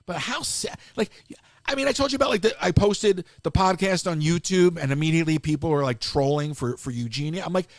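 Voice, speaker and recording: A man's voice: a little high, a little fast, dry recording, clean studio sound. A man hosting a live stream, ranting casually in an exasperated way and restarting his sentences often.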